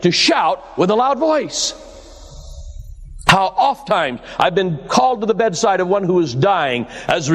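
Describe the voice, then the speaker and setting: A male pastor preaching a sermon, slow and emphatic, with dramatic pauses and sudden loud cries. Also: high voice, in a large hall.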